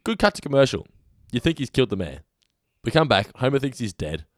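A man's voice: mid-range voice, very animated, brisk, dry recording, studio quality. A man co-hosting a podcast, casually recapping a cartoon episode in a rambling, amused way. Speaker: podcast co-host.

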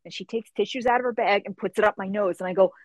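A young woman telling a story in an animated way, acting out the people in it and swearing casually. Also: mid-range voice, fast talker, dry recording. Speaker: guest.

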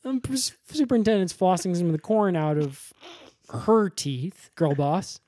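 Giggly rambling podcast co-host, mid pitch. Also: lively intonation, unhurried, dark tone, slight background noise. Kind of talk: casual comedic banter.

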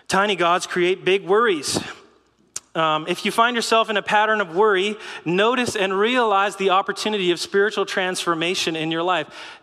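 Lively man preaching in an echoing hall. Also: sits high. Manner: lively, conversational preaching with laughs and rhetorical questions. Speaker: pastor. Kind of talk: sermon.

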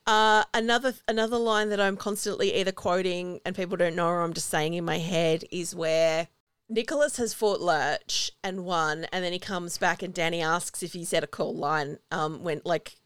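A woman's voice: lowish voice, fairly even intonation, moderate pace, fairly bright tone, smooth, dry recording. A woman hosting a podcast, chatting enthusiastically as she recaps a film. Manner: chatty, enthusiastic, acts out quotes. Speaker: podcast host. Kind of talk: casual chat recapping a film.

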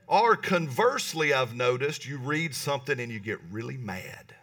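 A man preaching a lively sermon in church, often asking the congregation "right?" and pausing for answers. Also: mid-range voice, distant mic. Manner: animated, talks to the congregation with calls like "right?". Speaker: pastor. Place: church hall.

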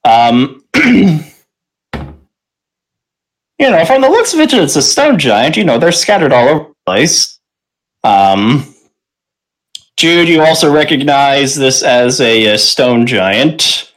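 A man's voice: mid-range voice, big pitch swings, slow, long pauses. A man narrating a tabletop game as game master, rambling with many fillers.

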